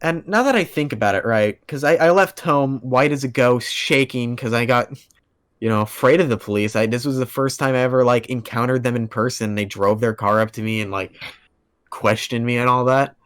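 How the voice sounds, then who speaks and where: A man's voice: mid-range voice, brisk, a bit bright, smooth, no room sound, studio quality. A man guesting on a podcast, telling a story casually with plenty of fillers and acted-out quotes. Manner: rambling, filler-heavy, acts out quoted dialogue.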